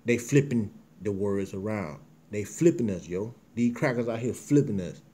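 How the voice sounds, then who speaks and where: A man's voice: fairly low pitch, normal speed, dark tone. A man hosting his show, delivering an emotional, impassioned monologue in a preachy, repetitive way. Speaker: host.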